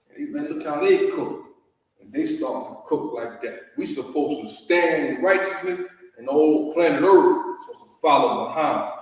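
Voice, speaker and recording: Slow southern guy teaching a class, keeps asking you know what i mean, far off mic, big echoey room. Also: fairly high pitch. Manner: drawling, repeats words, asks "you know what I mean?". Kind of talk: language lesson at a whiteboard.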